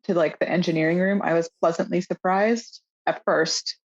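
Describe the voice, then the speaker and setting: A young woman co-hosting a podcast, recapping a show in casual, animated chat full of fillers and swearing. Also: fairly low pitch, moderate pace, highs cut off. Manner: animated, swearing, lots of fillers and quoted lines. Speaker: podcast co-host.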